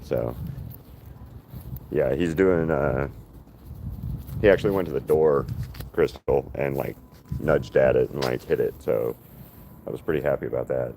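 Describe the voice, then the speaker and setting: A man's voice: very deep voice, unhurried, vocal fry, pauses often, mellow, a little hiss or hum. A man chatting casually on a live painting stream, rambling with many fillers and restarts.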